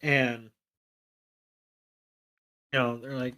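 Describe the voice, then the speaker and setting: A man's voice: mid-range voice, slow, long pauses. A man co-hosting a podcast, casually recapping a cartoon episode and loosely quoting the characters, with plenty of ums and you knows. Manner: relaxed storytelling, quotes characters in a plain voice, frequent fillers. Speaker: podcast co-host.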